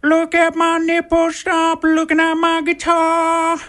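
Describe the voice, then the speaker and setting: A man parodying a vain male rock singer in a squeaky falsetto. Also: monotone, slow pace, a bit bright, faint music behind, heavily acted. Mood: preening.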